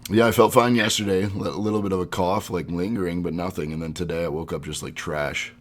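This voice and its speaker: A man's voice: sits low, steady tone, fast, a little hiss or hum. A man hosting a live-streamed podcast while sick, reading gaming history notes and chatting casually. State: sick, under the weather. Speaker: podcast host.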